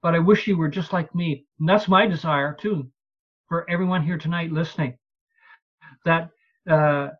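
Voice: mid-range voice, steady tone, moderate pace, long pauses. A preacher giving an expository evening sermon in a conversational way, reading scripture aloud and asking the listeners rhetorical questions. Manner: reads and explains scripture aloud. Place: evening church service. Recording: slightly dull lo-fi recording.

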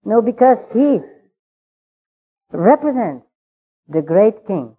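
A man's voice: high-pitched, lively intonation. Man teaching the Bible, tinny sound. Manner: measured, unhurried, with frequent pauses and fillers. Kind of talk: verse-by-verse Bible study talk.

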